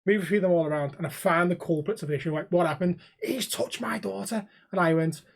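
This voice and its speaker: A man's voice: a little high, steady tone, racing. A young man, co-hosting a podcast and telling stories in casual chat, swearing freely and acting out the people in them. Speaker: podcast co-host.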